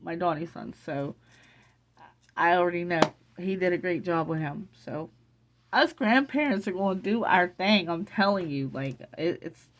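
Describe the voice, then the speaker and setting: A middle-aged woman in an emotional casual vlog, excited and teary, rambling with many restarts. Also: on the low side, normal speed, slight background noise. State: teary from crying. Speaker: vlogger.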